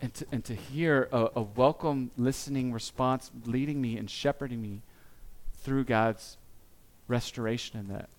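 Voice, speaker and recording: A man giving a sermon as pastor, speaking earnestly and confessionally, with pauses and small restarts. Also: mid-range voice.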